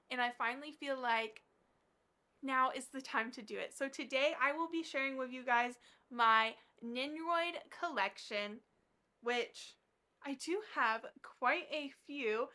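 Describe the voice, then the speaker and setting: A woman chatting to camera as a regular vlogger, bubbly and gushing, with fillers scattered through her talk. Her voice sits high and sounds bright and crisp. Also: unhurried. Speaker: collector vlogger. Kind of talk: casual chat to camera.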